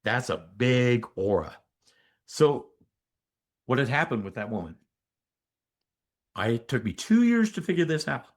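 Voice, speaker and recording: An older man speaks as a physician guest on a podcast, telling his story with emphatic, animated energy. His pitch sits mid-range but swings widely as he leans into the key moments, often pausing to check in with the listener. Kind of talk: conversational storytelling in an interview.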